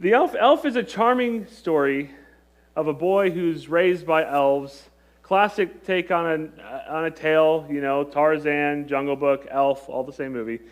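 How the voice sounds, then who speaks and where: A man's voice: on the high side, unhurried. A man in his thirties preaching a casual, joking sermon to his church, often restarting sentences and chatting with the congregation. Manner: chatty, joking, self-interrupting. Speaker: pastor. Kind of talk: conversational sermon.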